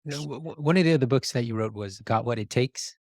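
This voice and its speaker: A man co-hosting a podcast, asking long, measured questions. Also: medium pitch, a little mellow, no room sound, studio quality. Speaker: podcast co-host. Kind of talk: casual interview questions.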